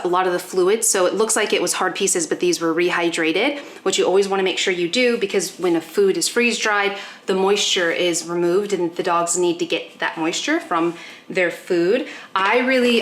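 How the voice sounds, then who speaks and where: A young woman talks through her morning with her dogs in a casual, chatty vlog voice. She explains each step as she works and slips into sweet baby talk for her pets. Her pitch is mid-range, and a faint hiss and a few clicks sit behind her. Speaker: pet vlogger. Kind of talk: casual vlog talk while doing chores. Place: home with dogs.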